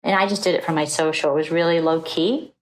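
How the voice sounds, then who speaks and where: A middle-aged woman guest on a podcast, telling her story in an animated, chatty way and acting out the voices of people she quotes. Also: sits low, fast, low-quality recording. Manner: animated, acts out quoted voices, laughs easily. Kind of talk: storytelling in a conversational interview.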